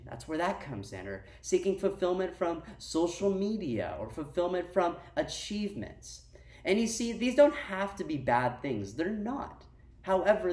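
A man's voice: fairly high pitch, distant mic. A young man, a youth pastor, preaching a sermon in a casual, conversational way with slangy asides. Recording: roomy sound from off-mic.

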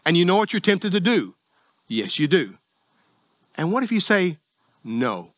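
Folksy Southern pastor with a dry, close sound. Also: male voice, very animated, unhurried, fairly bright tone, no room sound. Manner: folksy, self-deprecating, conversational with sudden pitch jumps. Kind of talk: sermon.

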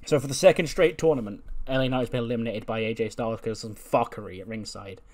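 A man's voice: mid-range voice, steady tone, quick pace, darkish tone. A man giving casual let's play commentary on a wrestling sim, chatty and laughing often. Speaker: gaming YouTuber.

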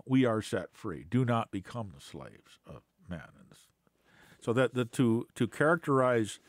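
A man's voice: mid-range voice, dry recording, studio quality. A man giving an unscripted Bible teaching, hesitant with many fillers and restarts, then pressing points with scornful emphasis.

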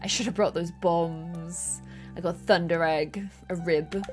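A young woman chatting casually and excitedly while playing a co-op farming game with friends. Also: fairly low pitch, measured pace, soft background music. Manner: bubbly, excitable, giggly. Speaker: gaming streamer. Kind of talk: casual co-op gameplay chat.

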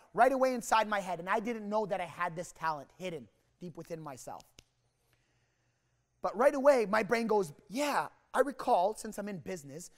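High-voiced man in an echoing hall. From Canada. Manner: energetic, rambling, many restarts, acts out quoted voices. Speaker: motivational sales speaker. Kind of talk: motivational storytelling talk. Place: large hall at a sales rally. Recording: reverberant hall sound.

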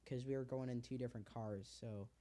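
Teenage guy, podcast host, rambling casual chat, heartfelt, lots of fillers, mellow dark voice. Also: medium pitch, steady tone, a little fast. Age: teens. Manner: rambling, heartfelt, swears freely with many fillers.

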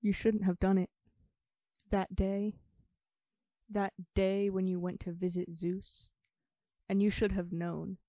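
A woman's voice: medium pitch, little pitch movement, slow pace, pauses often, no room sound, studio quality. A woman doing a wistful, probing inner voice. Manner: questioning, shifting between soft and pressing. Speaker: stage actor. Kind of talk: experimental theater monologue.

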